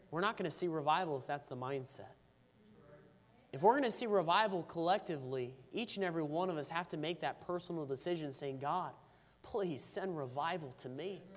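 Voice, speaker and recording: In a large hall, a man with a fairly high-pitched voice preaches a sermon. He tells a story about his daughter, then turns fervent, rising to an earnest, pleading intensity as he prays for revival.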